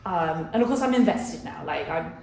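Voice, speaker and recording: A woman's voice: lowish voice, expressive, normal speed, background noise. A middle-aged woman telling a personal story on stage to an audience, chatty, with laughing asides, and she acts out other people's lines. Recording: echoey venue with loud audience.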